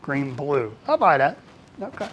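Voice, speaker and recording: A lively trainer speaks casually to a small workshop group, with a voice that swings widely up and down in pitch. The tone is colloquial and informal, and bits of dialogue get acted out along the way. Faint background noise sits under the voice. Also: a little slow. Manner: animated and colloquial, acts out quoted dialogue. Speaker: workplace trainer.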